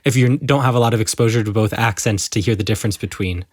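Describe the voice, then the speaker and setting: A man co-hosting a podcast in casual chat, speaking in a measured, careful way and hedging his opinions. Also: lowish voice, no echo, clean studio sound. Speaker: podcast co-host.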